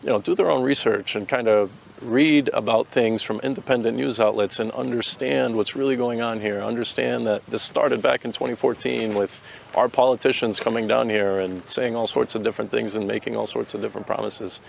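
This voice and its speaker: A man's voice: medium pitch, steady tone, a little fast, gravelly, a little hiss or hum. An American man answering interview questions outdoors, earnest and opinionated, often restarting his sentences. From United States. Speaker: interviewee, volunteer fighter.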